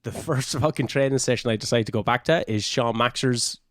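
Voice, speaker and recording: A young Irish man, a wrestler guesting on a podcast, telling casual stories full of swearing and lively asides. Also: mid-range voice, a little fast, no room sound, studio quality. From Ireland. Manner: swears freely, animated anecdotes. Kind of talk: casual storytelling.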